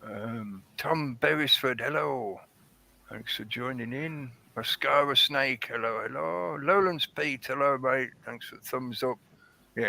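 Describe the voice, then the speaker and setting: A man's voice: medium pitch, a little slow, gravelly, pushed and bright. A man hosting a casual livestream, chatting in a rambling way and greeting viewers in the chat by name. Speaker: livestream host. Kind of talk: casual live-stream chat.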